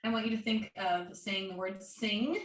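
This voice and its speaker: A woman's voice: mid-range voice, fairly even intonation, moderate pace. A woman guest voice coach teaching an online singing lesson in an upbeat way, demonstrating odd sounds. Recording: roomy, distant mic with faint noise.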